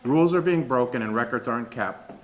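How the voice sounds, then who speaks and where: A man giving a measured, deliberate public comment at a meeting. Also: medium pitch, low-quality recording. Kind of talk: prepared public statement.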